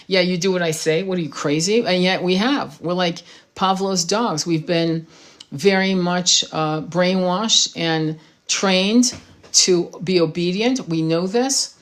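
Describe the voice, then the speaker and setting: A woman giving an impassioned spiritual monologue to her audience, blunt and profane, with emphatic rhetorical asides. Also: lowish voice. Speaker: spiritual channel host.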